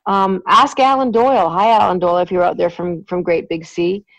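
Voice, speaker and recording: A woman's voice: on the low side, moderate pace, no echo, rough recording. Chatty Canadian woman hosting a podcast. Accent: Western Canadian. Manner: animated, laughing, chatty. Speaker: podcast host. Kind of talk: casual chat.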